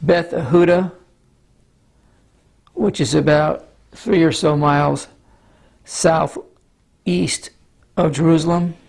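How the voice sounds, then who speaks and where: A man with a scratchy, hoarse voice preaches in a measured teaching manner, now and then stumbling over words. His tone sits a little high and carries a gravelly, husky roughness. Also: steady tone, darkish tone. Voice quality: scratchy, throat-clearing. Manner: measured Bible teaching with frequent small stumbles. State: hoarse from allergies. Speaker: pastor. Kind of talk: sermon teaching with a map.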